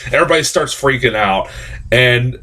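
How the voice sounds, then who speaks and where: A man's voice: mid-range voice, expressive, moderate pace, pushed and bright. A man giving a casual movie review, swearing often, laughing and rambling with many restarts.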